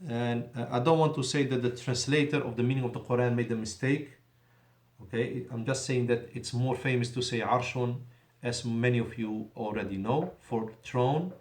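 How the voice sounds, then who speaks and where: A man leads a language lesson, stretching out the words he wants his students to remember. His voice sits at an ordinary middle pitch, and it rings off the walls of an echoey mosque classroom. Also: steady tone, a little mellow. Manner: deliberate, drawn-out emphasis on key words; switches between Arabic and English, self-correcting. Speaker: Arabic teacher. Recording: echoey room.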